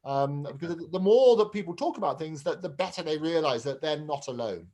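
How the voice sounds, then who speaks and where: A man's voice: on the high side, expressive, brisk, a little mellow. A middle-aged man hosting a chat show, enthusiastic and prone to repeating words while he gathers his thoughts. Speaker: host. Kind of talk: casual chat.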